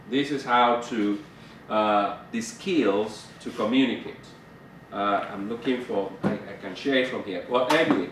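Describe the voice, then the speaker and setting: This middle-aged man has a medium-pitched, slightly bright voice. As a marriage counselor, he teaches couples about communication in a conversational style, laughing and acting out dialogue, recorded from afar in a roomy fellowship meeting room with slight background noise.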